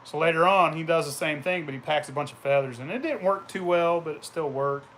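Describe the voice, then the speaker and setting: A man's voice: fairly high pitch, a little fast, fairly bright tone, a little hiss or hum. A man vlogging casually, telling rambling, profane anecdotes and laughing as he goes. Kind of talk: casual storytelling.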